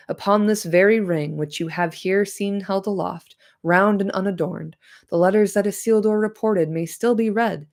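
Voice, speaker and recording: A solemn old wizard speaks slowly and gravely , as a woman reads him aloud. The voice is a little nasal and sits on the lower side. Each word comes measured and commanding. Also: a little mellow, close to an everyday voice. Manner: slow, solemn, measured reading.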